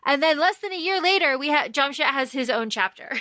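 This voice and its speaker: A woman's voice: high voice, lively intonation, brisk, sharp tone, no echo. A woman co-hosting a podcast, chatting casually about a book and retelling scenes with quoted dialogue. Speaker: podcast co-host.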